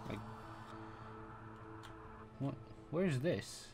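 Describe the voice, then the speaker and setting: A man giving casual, excitable commentary over a video game, reacting loudly and swearing freely. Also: medium pitch, drawn-out words, gravelly, music in the background. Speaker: gameplay commentator.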